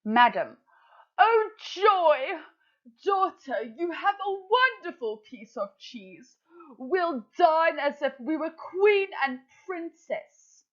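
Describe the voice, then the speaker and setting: A woman voicing a proud, bossy mother crow in a storybook play read aloud, with a shrill, exclamatory, theatrical delivery. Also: expressive, takes it slowly, heavily acted. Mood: excited, bossy. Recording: dull lo-fi recording.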